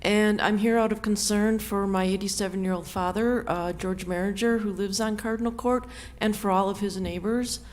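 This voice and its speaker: A woman's voice: medium pitch, fairly even intonation, moderate pace, few pauses, a little mellow. A middle-aged woman giving a composed, plain-spoken public comment at a village meeting. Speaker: resident speaking at public comment.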